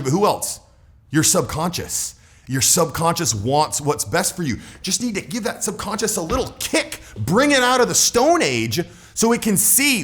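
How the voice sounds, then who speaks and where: A man in his forties giving casual coaching talk straight to the viewer, animated and emphatic. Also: high voice. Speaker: social skills coach.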